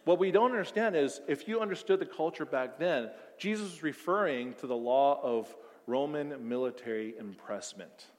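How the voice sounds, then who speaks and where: A man preaching a sermon, acting out everyday scenes, swinging from loud outbursts to soft emphasis. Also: a little high, moderate pace, few pauses, in a large hall. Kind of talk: sermon with acted-out scenarios.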